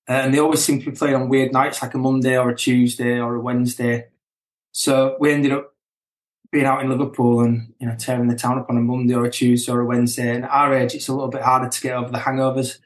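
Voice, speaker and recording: A middle-aged man and band member chatting casually as a guest, relaxed and chuckling, often restarting his sentences. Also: mid-range voice, fast, echoey room. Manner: relaxed, chuckling, self-correcting. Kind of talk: casual chat.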